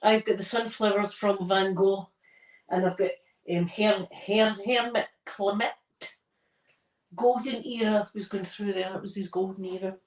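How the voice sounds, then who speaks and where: Chatting casually with her viewers from her living room, a Scottish woman hosts a live chat, telling stories and laughing often. Her voice sits at a medium pitch, with a steady tone and a measured pace.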